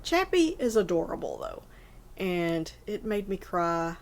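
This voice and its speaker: A woman's voice: on the low side, sing-song, a little slow. A woman in her forties casually rambling about favorite movies, full of fillers and self-corrections. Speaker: movie list vlogger.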